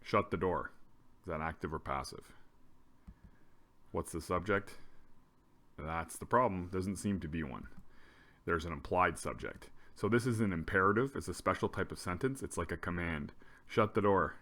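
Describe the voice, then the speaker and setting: A male teacher explaining a grammar lesson in a relaxed way, often restarting his sentences. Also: low-pitched, normal speed, pauses often.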